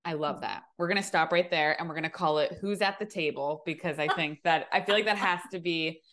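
Woman podcast host, lowish voice, affirming and casual. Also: a little fast, fairly bright tone.

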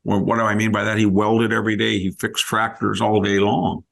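Gravelly low-voiced man telling stories. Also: flat delivery, brisk, fairly bright tone. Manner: rambling anecdotes, self-interrupting. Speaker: podcast host. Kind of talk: casual conversational storytelling.

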